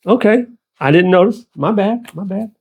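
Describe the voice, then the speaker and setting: A man's voice: high voice, normal speed, husky. A man co-hosting a movie review chat, laid-back and casually swearing.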